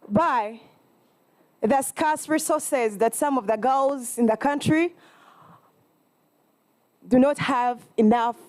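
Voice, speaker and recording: A young woman from Eastern Uganda with a Ugandan accent, giving an earnest, halting student campaign speech and often apologizing. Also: high-pitched, a little mellow. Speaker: student election candidate.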